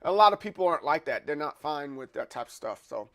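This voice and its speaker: Slightly high-voiced male streamer, loose chat. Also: expressive, fast talker, a bit bright. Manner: loose and opinionated, reacting to chat. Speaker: livestream host. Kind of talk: casual livestream chat.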